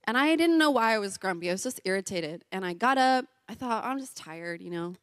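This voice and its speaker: A woman's voice: mid-range voice, a little fast, dry recording, studio quality. A middle-aged woman giving a sermon as a pastor's wife, telling a personal story with laughs and acted-out voices. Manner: animated, laughs often, acts out voices in her story.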